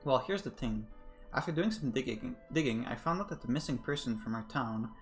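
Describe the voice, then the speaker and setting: A man's voice: medium pitch, animated, a little fast, soft background music, close to an everyday voice. A man voicing an eager, nerdy schoolgirl with a conspiracy theory, speaking earnestly and insistently in close to his own voice.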